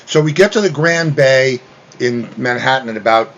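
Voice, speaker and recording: A man telling a long story in casual chat, animated, mimicking other people with loud raised voices. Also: medium pitch, moderate pace, highs cut off. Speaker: guest musician.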